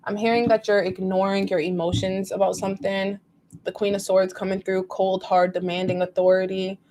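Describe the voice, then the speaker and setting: Woman tarot reader, mid-pitched, chatty and emotive, lots of fillers. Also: level tone, moderate pace, warm tone, slight background noise. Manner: rambling and emotive, heavy use of "like". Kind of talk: casual tarot reading to viewers.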